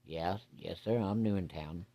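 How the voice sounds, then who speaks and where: A man's voice: low voice, a little slow, gravelly, lo-fi sound. A man telling a story voices a nervous young man who politely asks a father's permission, deferential and hesitant.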